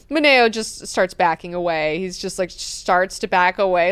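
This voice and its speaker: A woman hosting a book club, casually recapping chapters in an animated, chatty way with plenty of swearing. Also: lowish voice, normal speed, hardly any pauses, clear, resonant tone, dry recording. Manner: animated, profane, chatty retelling.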